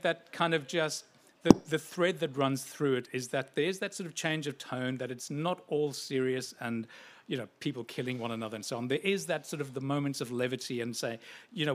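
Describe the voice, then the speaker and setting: A man interviewing an author, talking in a measured, chatty way. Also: medium pitch. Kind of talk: conversational interview.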